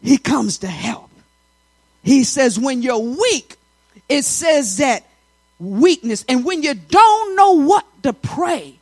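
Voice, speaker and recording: A woman preacher delivering a sermon in a call-and-response style, with colloquial asides and stretches that rise to shouting. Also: high-pitched, animated, slow, no room sound.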